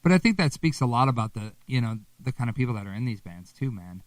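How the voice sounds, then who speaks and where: A young man from Wisconsin chats as a guest musician, loose and easygoing, with swear words and lively stories. He sits back from the mic in a dry, dead room. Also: medium pitch, fast, no echo, distant mic. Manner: laid-back, swears freely, animated storytelling. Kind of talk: casual interview chat.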